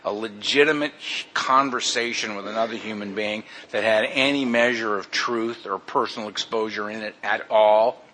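Bright-voiced man telling a blunt personal story. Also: lowish voice, fairly even intonation, moderate pace, slight background noise. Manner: candid and blunt, addresses listeners as "man". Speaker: speaker telling his recovery story. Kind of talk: personal testimony, casual storytelling.

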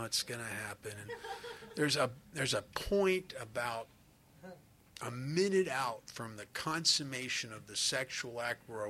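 Bright-voiced man telling funny stories. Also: mid-range voice. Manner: joking, conversational, full of "you know" and "man"; swings from quiet asides to loud excited bursts. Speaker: speaker at a recovery meeting. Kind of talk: humorous storytelling talk.

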